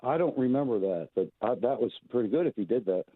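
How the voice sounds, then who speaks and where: A man's voice: mid-range voice, expressive, quick pace, no echo. Man calling in over a tinny phone line. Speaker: caller. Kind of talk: call-in to a radio show.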